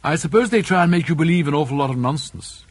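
Man as a skeptical young student, measured and questioning, husky. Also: on the high side, lively intonation, no echo, pitched above the performer's own voice. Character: earnest, skeptical young male student, reasonable.

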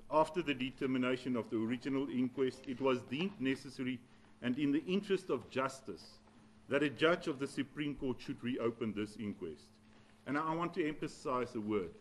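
A man, an advocate arguing formally in a courtroom, measured and deferential, with some hesitations. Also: mid-range voice, a little hiss or hum, rough recording. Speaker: advocate addressing a judge.

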